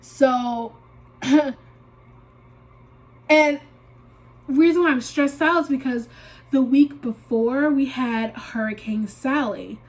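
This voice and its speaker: A young woman chats through a get-ready-with-me video, her voice sitting notably high. She tells her story animatedly, slipping into dramatized quotes of herself, and sounds slightly stuffy from a recent sinus infection. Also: takes it slowly, pauses often. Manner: uses y'all and filler likes. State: congested, recovering from a sinus infection. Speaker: beauty vlogger. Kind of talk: casual get-ready-with-me chat.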